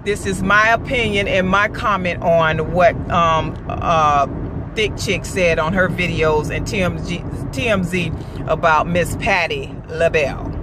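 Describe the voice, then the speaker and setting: With a mid-range voice and noise in the background, a woman airs a strong opinion in a vlog made from her car as she drives home from work. She is fired up and preachy, pressing the same points repeatedly.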